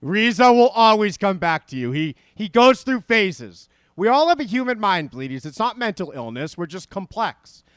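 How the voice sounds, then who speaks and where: Lively high-voiced man hosting a stream. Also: normal speed, hardly any pauses, clean tone, no room sound, clean studio sound. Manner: animated, playful, addresses chat as "Bleedies". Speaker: podcast host. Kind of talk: casual chat with livestream chat.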